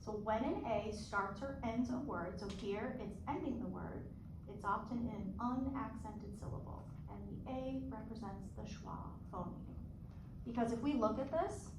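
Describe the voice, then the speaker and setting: A woman teaching a one-on-one phonics lesson, patient, slow and clear, stretching out sounds. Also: medium pitch. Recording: echoey room, distant mic, background noise.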